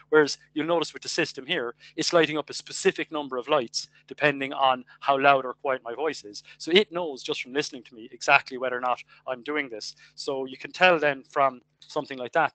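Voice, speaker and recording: A man's voice: medium pitch, a bit bright, no echo. A man with an Irish accent giving a recorded engineering lecture over a webcam, chatty and full of fillers and self-corrections. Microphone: webcam mic.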